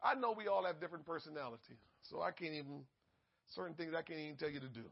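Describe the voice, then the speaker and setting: A man preaching a sermon and telling stories, swinging from quiet asides to loud exhortation. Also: on the high side, fast talker, creaky, slightly rough. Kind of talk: sermon storytelling. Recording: muffled lo-fi sermon recording.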